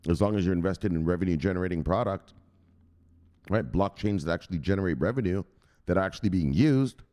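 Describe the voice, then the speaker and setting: A man hosting his own channel, ranting in hyped, profane vlog commentary and punctuating points with shouted exclamations. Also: low voice, quick pace. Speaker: crypto channel host.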